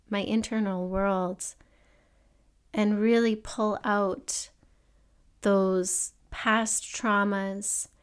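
A woman hosting a solo podcast, talking earnestly and gently encouraging listeners with questions for them to think about. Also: clear, resonant tone. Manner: acts out an excited child in a higher voice. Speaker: podcast host. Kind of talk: reflective solo podcast monologue.

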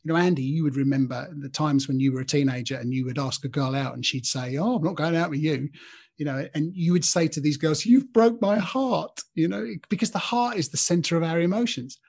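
Speaking quickly with few pauses, a man in his fifties from Britain hosts a podcast and delivers a sincere, casual Christian talk. His voice sits on the high side with a darkish tone. He addresses listeners directly by name.

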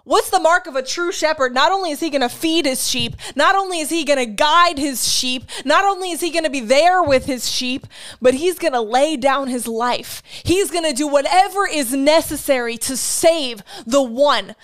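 A woman's voice: sits high, moderate pace, a bit bright. A woman teaching a sermon in an earnest, emphatic way, repeating key phrases and sharing personal testimony with feeling. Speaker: Bible teacher.

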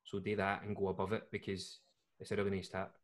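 Scottish guy rambling and joking on a podcast, bit low pitched. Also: monotone, fast talker, background noise. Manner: jokey, rambling with restarts. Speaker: podcast co-host. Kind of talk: casual chat.

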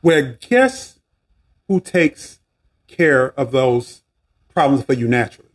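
A man's voice: slow pace, long pauses. A man with a Southern accent hosting a faith podcast, talking casually and preachily, with restarts, asides and a voice that rises and falls a lot. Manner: preachy, animated, swinging pitch, asides and restarts. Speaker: podcast host.

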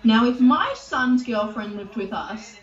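A woman's voice: on the high side, animated, unhurried. A woman in her forties chatting on a podcast, retelling a TV show in a heated, swearing way and acting out the people in it. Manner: heated, swearing, acts out quoted voices. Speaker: podcast co-host. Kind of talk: casual chat, retelling a TV show. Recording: echoey, distant, dull sound.

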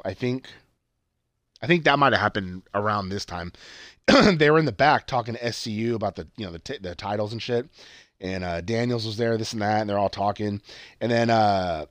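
A man recapping a wrestling show in casual chat, rambling and swearing, with excited outbursts. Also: on the low side, no room sound. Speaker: podcast co-host.

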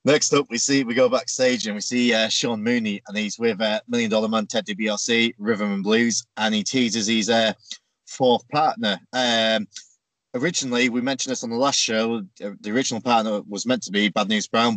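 A man's voice: lowish voice, steady tone, moderate pace, a bit bright, no echo. A man co-hosting a podcast, casually recapping events step by step with frequent filler words. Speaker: podcast co-host. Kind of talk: casual chat recapping a wrestling show.

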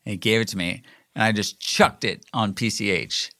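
A man's voice: fairly low pitch, normal speed, bright, forceful tone, no room sound, clean studio sound. A middle-aged man hosting his own podcast, telling a casual story in a rambling way with many fillers and restarts. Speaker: podcast host. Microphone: recording himself solo.

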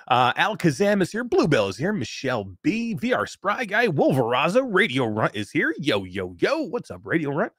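Animated man hosting a live stream. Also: on the high side, moderate pace, no echo, clean studio sound. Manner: animated, joking, reads chat names aloud. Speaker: podcast co-host. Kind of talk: casual live-stream chat.

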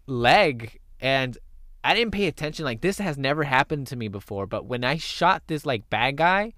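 A man's voice: medium pitch, animated, moderate pace, sharp tone, no room sound, studio quality. A young man hosting a podcast, telling stories in a candid, profane, casual chat. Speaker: podcast host.

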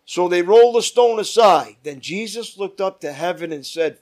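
A man leading a Bible study as pastor, reading scripture aloud with emphatic rises and dropping to quiet asides. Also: high voice, animated, normal speed, few pauses.

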